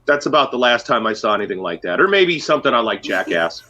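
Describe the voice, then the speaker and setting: A man's voice: medium pitch, fast. A man telling jokey stories in casual chat on a video call. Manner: lively, jokey storyteller. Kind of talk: casual chat on a live stream.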